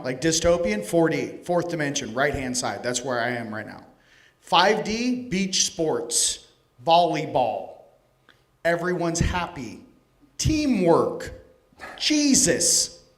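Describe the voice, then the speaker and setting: A man giving a casual, joking lecture to a live conference audience, animated and profane, addressing people directly. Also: fairly high pitch. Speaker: conference speaker. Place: conference hall stage.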